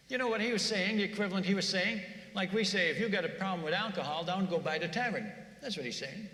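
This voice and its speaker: A man preaching in a church, telling a mission story in an animated, conversational way and often repeating words. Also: sits high, quick pace, few pauses. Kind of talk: sermon storytelling. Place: church sanctuary. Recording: echoey church hall.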